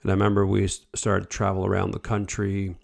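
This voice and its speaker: Man, podcast host, animated storytelling, gravelly voice. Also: sits low, fast. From Canada. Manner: animated, acts out quoted dialogue. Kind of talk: casual storytelling.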